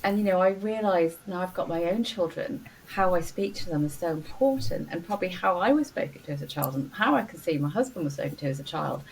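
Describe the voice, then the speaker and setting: A woman's voice: lowish voice, expressive, fairly quick, hardly any pauses, recorded from a distance, rough recording. Earnest woman guest, slightly off-mic. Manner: earnest, encouraging, many "you know" fillers. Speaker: doctor and coach, podcast guest. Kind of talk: warm interview conversation. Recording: faint noise, voice a bit off-mic.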